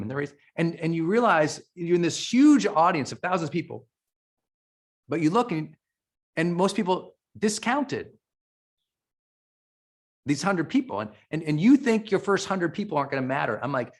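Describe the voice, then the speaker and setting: A man's voice: fairly high pitch, sing-song, normal speed, long pauses. A middle-aged man from Montana giving an emphatic, emotional motivational speech to a live audience, often restarting his sentences. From Montana, USA. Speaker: keynote speaker.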